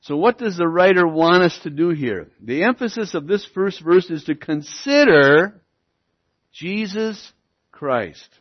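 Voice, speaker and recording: A man preaching a sermon as pastor, teaching verse by verse, often checking in with "okay?" and "see?" and slowing down to stress key words. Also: high-pitched, expressive. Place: church. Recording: lo-fi church recording.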